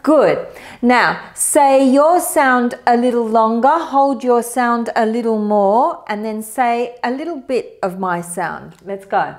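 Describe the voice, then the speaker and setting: Patient woman teaching pronunciation slowly. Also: on the high side, animated. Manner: patient, encouraging, models sounds slowly. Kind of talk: slow, clear pronunciation lesson.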